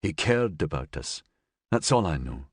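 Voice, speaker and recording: A man voicing a grieving young man who speaks softly in a shaky voice. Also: very deep voice, big pitch swings, measured pace, slightly rough, dry recording, clean studio sound, voice pushed down, exaggerated voice. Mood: subdued. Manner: soft, shaky.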